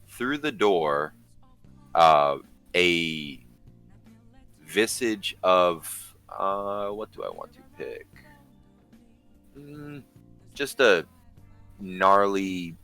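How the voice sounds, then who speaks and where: A man playing a tabletop game, describing his character's sneaky actions in casual table talk while thinking aloud with frequent pauses. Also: low-pitched, bright, forceful tone. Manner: thinking aloud, pausing with ums and restarts.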